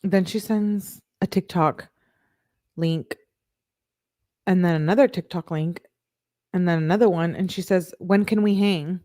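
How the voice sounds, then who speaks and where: Pausing often and speaking a little slowly, a woman with a fairly low voice reads text messages out on her true crime channel. Her delivery is flat and casual, punctuated by puzzled asides.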